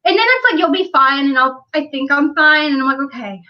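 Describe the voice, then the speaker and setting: A woman's voice: sits high, animated, fairly quick, dull audio. A woman hosting a casual livestream chat, talking in a chatty way and reading viewer comments aloud. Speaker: livestream host.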